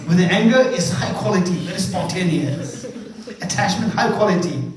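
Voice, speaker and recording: A man's voice: high-pitched, a little fast, a crowd in the background. A man leading a Buddhist retreat session, teaching with live exercises, playfully quizzing his audience and laughing often. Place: large echoing monastery hall. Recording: echoey hall from far off with faint noise.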